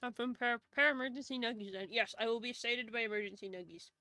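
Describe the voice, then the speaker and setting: A woman's voice: a little high, fast talker, pushed and bright, dry recording. A woman streamer chatting casually while building a fantasy world, joking and swearing, laughing often. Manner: joking, profane, laughs a lot.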